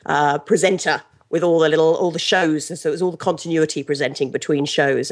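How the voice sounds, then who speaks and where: A middle-aged woman with an English accent, a guest telling stories in a lively, chatty way with many restarts. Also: low-pitched, brisk, hardly any pauses. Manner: chatty, animated storyteller with frequent restarts and laughs. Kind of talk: casual interview chat.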